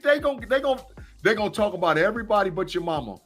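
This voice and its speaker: High, lively-voiced man talking sports. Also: very fast, soft background music. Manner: emphatic, repeats his points. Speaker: podcast co-host, former college football player. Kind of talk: casual sports chat.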